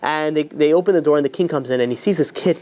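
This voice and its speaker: A man's voice: a little high, fast talker, dark tone. A man, a rabbi, telling a story in a casual sermon, full of fillers and restarts, briefly voicing the characters.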